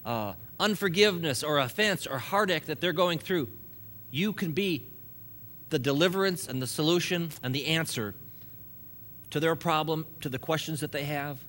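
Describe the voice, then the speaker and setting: A man's voice: on the high side, fairly bright tone. A man preaching a sermon, emphatic and repetitive, stressing points by piling up phrases. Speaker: pastor.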